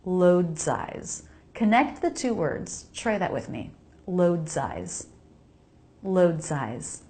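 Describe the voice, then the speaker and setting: A woman with an American accent teaching pronunciation, modeling each sound slowly and repeating words for the listener to copy. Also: on the low side, big pitch swings, mellow. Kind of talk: slow pronunciation lesson.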